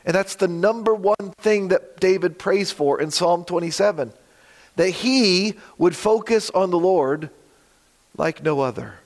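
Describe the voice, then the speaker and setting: A man preaching a sermon with a slightly croaky voice, earnest and emphatic, slowing for dramatic drops. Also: sits high. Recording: long hall reverb.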